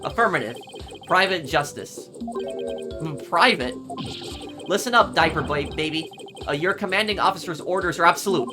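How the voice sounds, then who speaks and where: A woman's voice: lowish voice, expressive, normal speed, pauses often, over music, close to an everyday voice. A woman voicing a boy who plays a blustering drill sergeant through a drone, barking orders in a bossy military drawl.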